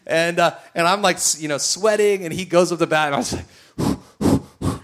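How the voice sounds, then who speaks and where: A middle-aged man preaching a sermon, telling a personal story with animated bursts and occasional shouts. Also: a little high, moderate pace.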